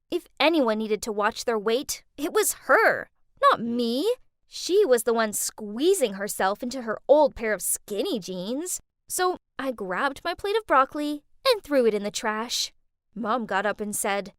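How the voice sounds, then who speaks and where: A woman narrates an animated story in first person with a bratty, eye-rolling attitude. Her voice sits high and swings widely through every line. The recording is dry and close. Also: a little slow, no echo.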